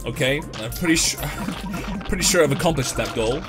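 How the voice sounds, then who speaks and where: A man's voice: sits high, expressive, moderate pace, over music. A young man giving gameplay commentary, ranting, swearing and joking about his losses. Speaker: game commentator.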